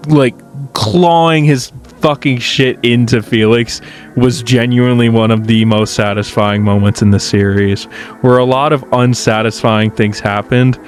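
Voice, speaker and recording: A man giving casual reaction commentary on a horror series, ranting in exasperation and swearing, with frequent restarts. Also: mid-range voice.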